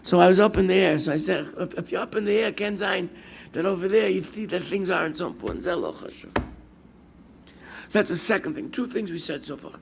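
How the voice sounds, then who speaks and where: Brief: older New rabbi, gravelly and a bit high, storytelling sermon, faint hiss behind. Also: male voice, fairly quick. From United States. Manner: storytelling with lively quoted asides, mixing Hebrew and Yiddish terms. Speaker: rabbi giving a Torah class.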